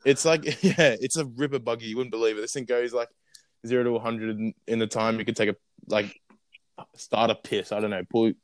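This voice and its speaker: A man's voice: medium pitch, steady tone, brisk, dry recording, poor audio. A young man with an Australian accent telling a long casual story as a guest, rambling with lots of fillers and restarts.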